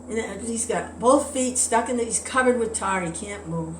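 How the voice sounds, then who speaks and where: A woman teaching a devotional scripture class, telling a story in a relaxed, chatty way. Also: fairly high pitch, normal speed, few pauses, slight background noise. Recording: echoey room with faint ambience.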